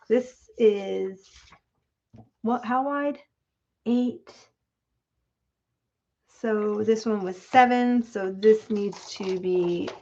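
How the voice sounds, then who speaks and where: This woman has a medium-pitched voice with a darkish tone. During a casual craft-along livestream she chats with viewers and thinks aloud while measuring and cutting. It's recorded as a dull, lo-fi home stream, with background noise plainly audible.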